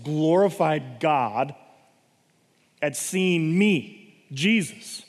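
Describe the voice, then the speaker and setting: A man with a fairly high voice preaches a sermon. He reads scripture passages aloud and breaks off to explain them, checking in with "okay" and "right". His voice rings out with the long reverb of a large hall. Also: animated, moderate pace.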